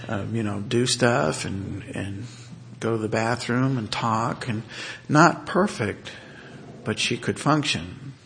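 Man, gravelly tone, halting personal storyteller who restarts often. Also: medium pitch, fairly bright tone, a little hiss or hum. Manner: halting, with many fillers and restarts. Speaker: husband telling a family story.

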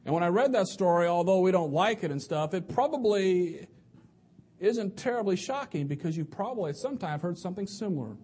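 A man's voice: high-pitched, lively intonation, brisk, darkish tone, breathy edge. A man giving an evening sermon to a congregation, talking conversationally and often restarting or repeating words. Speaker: preacher.

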